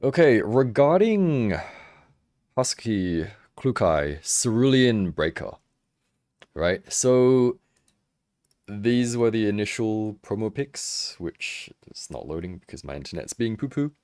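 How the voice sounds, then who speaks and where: A young man hosting a casual livestream about action figures, chatty and expressive, swearing freely and laughing as he answers viewers. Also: on the low side, slow pace, no room sound, clean studio sound. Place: home in Hong Kong.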